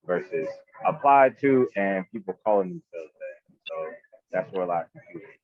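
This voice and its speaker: A man's voice: deep voice, lively intonation, normal speed, no room sound, lo-fi sound. A man on a group call adding a short point to the discussion. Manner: adds a brief point, then yields. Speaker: call participant. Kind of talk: casual discussion.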